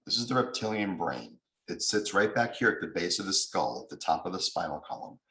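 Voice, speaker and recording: A man's voice: deep voice, big pitch swings, a little fast, bright, forceful tone, reverberant, low-quality recording. A man giving a mediation training lecture over a video call, explaining step by step and now and then acting out angry voices.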